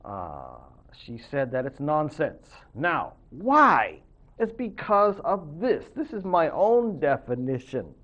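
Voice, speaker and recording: A man lectures to his students in a chatty, joking way, slipping asides between his points. His voice sits a bit high and moves around animatedly. The recording sounds dull and lo-fi. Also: huge pitch swings, slow. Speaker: professor.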